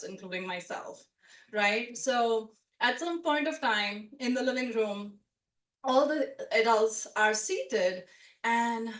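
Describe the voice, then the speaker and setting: Chatty woman storyteller in a roomy hall. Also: a little high. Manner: chatty and animated, full of "like" and "you know". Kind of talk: personal storytelling at a live story swap. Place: storytelling event room with a live audience. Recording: roomy sound from a distant mic.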